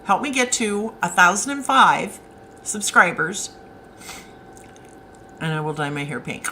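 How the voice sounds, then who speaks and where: A woman's voice: mid-range voice, expressive, unhurried, bright, forceful tone, slight background noise, low-quality recording. A woman author hosting a casual live stream, chatting and answering viewer comments as they come in.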